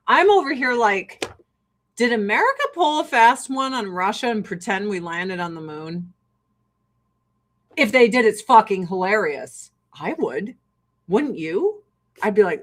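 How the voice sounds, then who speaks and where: A woman's voice: mid-range voice, lively intonation, unhurried. A woman hosting a podcast, ranting in a blunt, profane, sarcastic way and laughing often. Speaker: podcast host. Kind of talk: casual ranting chat.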